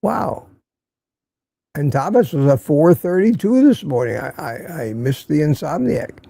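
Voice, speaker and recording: An older man with a gravelly, fairly high voice hosts a relaxed livestream, greeting viewers by name and ribbing them in a chatty way. His tone is mellow and the sound is dry and close. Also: measured pace, dry recording. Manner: reads viewer comments aloud, teasing and chatty. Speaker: livestream host. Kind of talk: casual livestream chat. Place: home in Florida.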